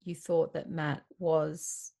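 A woman hosting a podcast, asking gentle, sympathetic questions. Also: deep voice, flat delivery, slow pace, gravelly, breathy edge. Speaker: podcast host. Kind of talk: host reading ad and interviewing.

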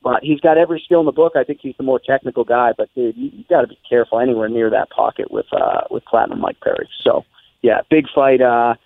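Phone-in guest announcer, man, measured delivery, dry phone-line sound. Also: medium pitch, very animated, vocal fry, dry recording. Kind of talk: casual chat by phone.

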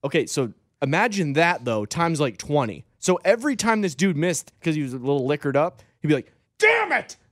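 A man co-hosting a podcast, telling an animated story in a casual chat and speaking to listeners directly. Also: a little high, fairly quick, few pauses, no echo, clean studio sound. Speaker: podcast co-host.

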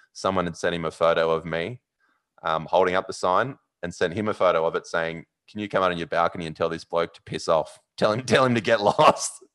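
An Australian man with a very low voice tells a long story in casual chat. He rambles, fills gaps with ums, and gets animated as the story builds. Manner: animated, rambling, with fillers and loud yelled bits. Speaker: podcast host.

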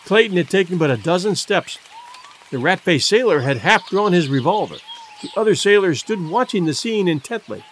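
A man narrating an adventure novel in a measured, expressive storytelling manner. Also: high-pitched, slight background noise. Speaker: audiobook narrator. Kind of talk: scripted narration.

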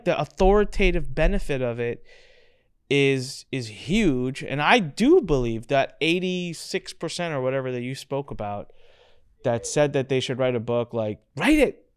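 Male host, casual chat, clear smooth tone, lively anecdotes. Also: on the high side, moderate pace. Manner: animated storyteller, acts out family dialogue. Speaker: podcast host. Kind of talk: casual conversational interview.

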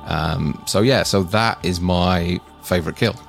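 Deep gravelly man reviewing films. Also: measured pace, soft background music. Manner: earnest, explains his picks at length, laughs along. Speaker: podcast co-host. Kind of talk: casual film review chat.

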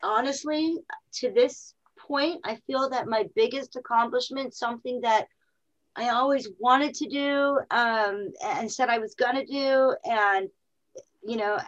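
A woman's voice: on the high side, a little slow, fairly bright tone, highs cut off. A middle-aged woman speaking candidly as an interview guest, emotional and full of fillers and restarts.

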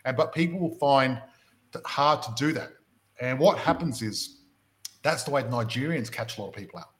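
A man's voice: mid-range voice, moderate pace. An Australian man hosting a property-investment podcast, chatting casually and making his points through stories and rhetorical questions.

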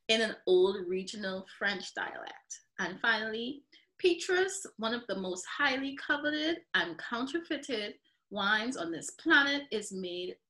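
Woman cohost reading wine facts, bouncy voice that jumps all over, bright and sharp. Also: medium pitch, rough recording. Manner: animated, exclaims and laughs easily. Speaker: podcast co-host.

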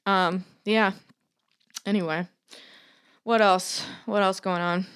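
A woman's voice: medium pitch, fairly even intonation, takes it slowly, fairly bright tone, clean tone. Chatty, profane young woman storyteller. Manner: chatty, profane storyteller who acts out family members. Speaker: podcast co-host. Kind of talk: casual chat.

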